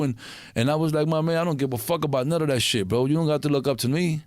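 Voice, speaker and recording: A man's voice: medium pitch, fast, no echo, studio quality. A man, telling stories in a casual interview, swearing freely and acting out the voices of the people in them. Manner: streetwise, profane, animated storytelling with acted-out quotes. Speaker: interview guest.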